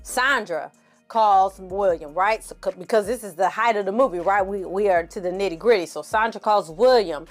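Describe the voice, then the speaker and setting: A woman's voice: medium pitch, normal speed, soft background music. A woman ranting through a bad movie review in a casual, sarcastic, profane style. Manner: sarcastic, profane, animated storytelling.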